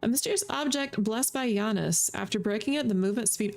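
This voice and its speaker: A woman's voice: a little high, fairly quick, gravelly, hardly any pauses. A woman streamer giving playful, chatty commentary while she plays a video game. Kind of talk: casual gameplay commentary.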